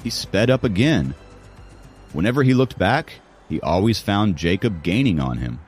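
A man's voice: low voice, sing-song, moderate pace, husky, soft background music. A man narrating an audiobook in a dramatic storytelling manner. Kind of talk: scripted narration.

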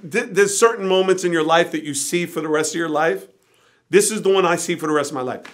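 A middle-aged man tells a vivid, profane anecdote, acting out each person's lines. His voice is bright, forceful and a touch higher than most men's. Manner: vivid anecdote with acted-out quotes and swearing. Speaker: interview guest. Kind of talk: animated storytelling.

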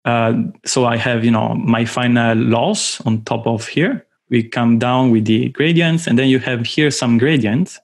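A man with an Italian accent, from southern Italy, giving an informal online lecture with playful, animated storytelling. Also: mid-range voice, gravelly.

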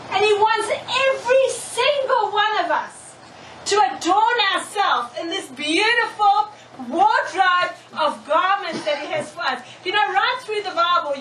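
A woman preacher giving a sermon, telling stories in an animated way, often laughing and checking in with "okay?". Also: very high voice, slight background noise. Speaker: preacher, prophetess. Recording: echoey room, mic far off.

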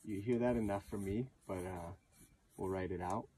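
A man giving a patient pronunciation lesson, repeating words slowly to model how they sound. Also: low-pitched, mellow, breathy edge. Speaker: language teacher.

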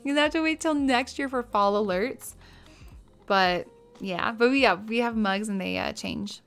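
A woman live-streaming a game from her room at home, chatting casually into a desk microphone. She gushes and chats, drifting between soft murmured asides and excited squeals. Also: a little high, a little slow, faint music behind. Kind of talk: casual live-stream chat while playing.

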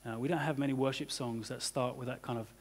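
A fast-talking pastor with a medium-pitched, slightly rough voice and a steady tone preaches in a church hall, its reverb audible. He keeps the sermon loose and conversational, sprinkling in "you know" and "kind of."

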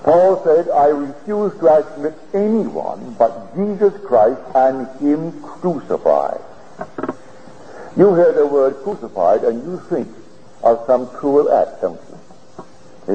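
A man giving a spiritual lecture, telling his story in an earnest, deliberate way, heard on an old archival tape. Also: mid-range voice, mellow. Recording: old archival lecture tape, dull and hissy, in a reverberant hall.

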